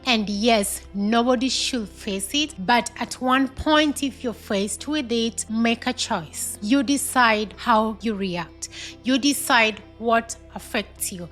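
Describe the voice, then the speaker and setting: A woman's voice: fairly high pitch, fairly bright tone. A woman with a non-American English accent giving earnest advice in a vlog, stressing her points by repeating them. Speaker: vlogger advising immigrants. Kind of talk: direct-to-camera advice vlog.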